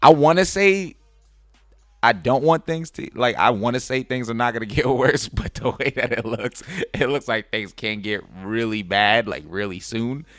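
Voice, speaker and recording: A man's voice: mid-range voice, moderate pace, a bit bright, dry recording, studio quality. An American man in casual political chat, earnest and rambling, saying "like" a lot. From United States.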